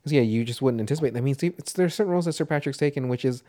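A man in casual podcast chat about films. He rambles, swears and restarts his sentences, with a medium-pitched voice. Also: racing, mellow. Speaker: podcast co-host. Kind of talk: casual movie discussion.

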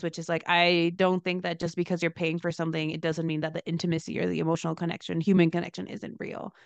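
Young woman, podcast co-host, casual storytelling, smooth voice, dry room. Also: no echo. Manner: animated storyteller, lots of "like", laughs into high pitch.

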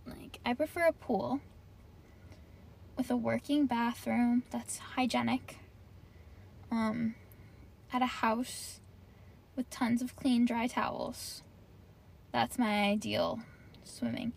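A woman's voice: on the high side, steady tone, takes it slowly, vocal fry, pauses often. A young woman rants casually and profanely on her podcast, sprinkling "like" everywhere while sitting in her car. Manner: profane, complaining, heavy use of "like". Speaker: podcast host. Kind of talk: casual solo podcast rant.

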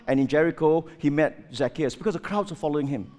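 A man preaching a sermon with lots of rhetorical questions, swinging between loud outbursts and hushed asides. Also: sits high, expressive, racing, hardly any pauses.

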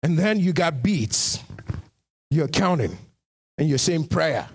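A man preaching a sermon as pastor, repeating phrases and firing questions at his listeners, dropping low and steady, then rising to shouts. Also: slow, breathy edge, no echo. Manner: repeats words for emphasis and asks the congregation questions.

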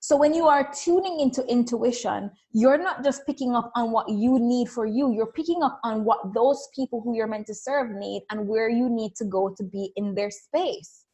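A woman with a fairly high voice talks through a motivational story about intuition and selling. She tells it casually and acts out the people she quotes with lively shifts in tone. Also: moderate pace, few pauses. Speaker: spiritual business coach.

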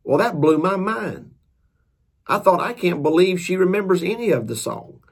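A man's voice: high-pitched, lively intonation, normal speed, husky. A man, a preacher and author, telling a story in a folksy, earnest, casual way. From Georgia, US.

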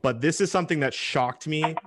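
A man hosting a casual interview, talking in an animated, opinionated way. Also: on the high side, fairly quick, background noise. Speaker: host.

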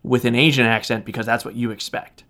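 A man's voice: mid-range voice, fairly even intonation, quick pace, pushed and bright. A man with a Midwestern American accent, co-hosting a podcast in casual chat, loose and rambling and swearing freely. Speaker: podcast co-host.

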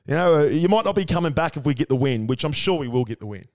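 An Australian man co-hosting a sports podcast, casual chat full of crude, excitable banter. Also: on the high side, fast talker. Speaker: podcast co-host.

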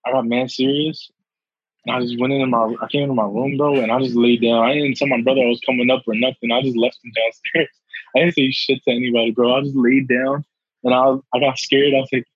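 A young man telling a casual, slangy story, animated and laughing often. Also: medium pitch, fast talker, husky, no echo, lo-fi sound.

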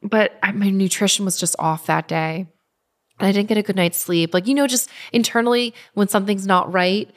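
Chatty woman in her thirties. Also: fairly low pitch. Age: 30s. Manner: animated retelling with many fillers, voicing others. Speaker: guest. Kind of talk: casual storytelling interview.

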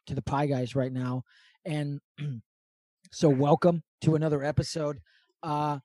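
A man's voice: on the high side, mellow, no echo. A man co-hosting a podcast over a video call, talking in casual, profane, mock-grandiose rants. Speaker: podcast co-host. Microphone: remote over video call.

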